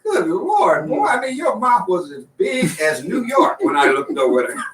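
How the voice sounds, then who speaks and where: A man's voice: high voice, very animated, normal speed, few pauses, fairly bright tone, distant mic, a little hiss or hum. Teasing man DJ, echoey and off-mic. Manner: teasing, laughs often. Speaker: radio DJ and co-host. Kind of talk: casual on-air banter.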